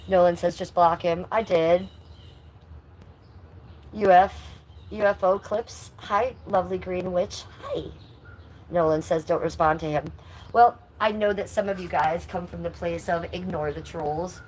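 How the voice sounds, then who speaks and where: A woman's voice: on the low side, a little slow, a little mellow, low-quality recording. A middle-aged woman with a nasal voice, talking bluntly and indignantly to her chat on a live stream. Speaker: livestreamer.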